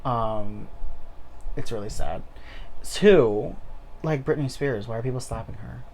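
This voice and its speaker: Male podcast co-host, wry sarcastic banter, mid-pitched, faint noise. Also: a little slow, creaky, darkish tone, poor audio. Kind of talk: casual chat.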